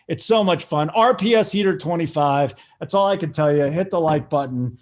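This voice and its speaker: A man hosting a casual sports betting show, hyped and joking as he gives shout-outs. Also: a little high, moderate pace. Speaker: show host.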